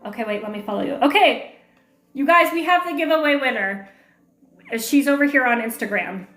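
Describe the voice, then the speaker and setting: A woman's voice: high-pitched, expressive, a little fast, a bit bright. A woman coaching on a livestream, chatting casually, reading viewer comments aloud and answering questions with plenty of fillers. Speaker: online marketing coach hosting a livestream. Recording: echoey room with faint music.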